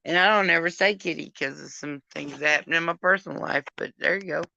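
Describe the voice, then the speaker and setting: A woman's voice: sits low, fast, vocal fry, bright, forceful tone, highs cut off. A drunk woman hosting a casual live chat, rambling, affectionate and crude as she calls on her friends. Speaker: live stream host.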